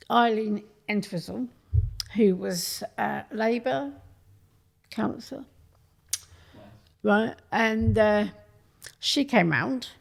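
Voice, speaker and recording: A woman's voice: medium pitch, creaky. A woman, telling blunt, sweary stories as a podcast guest in a studio. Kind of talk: casual chat.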